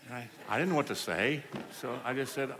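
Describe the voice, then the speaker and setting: A man preaching a sermon, telling healing stories in an animated way and acting out the people he quotes. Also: medium pitch, fairly quick, background noise. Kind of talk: storytelling sermon. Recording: hall reverb.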